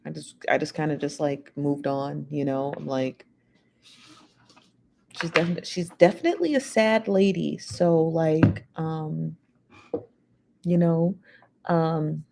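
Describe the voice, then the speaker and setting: A woman's voice: deep voice, slow, vocal fry, long pauses, dark tone, slight background noise. A woman hosting a live show, chatting casually and reading out viewer comments in a rambling, gossipy way, full of fillers.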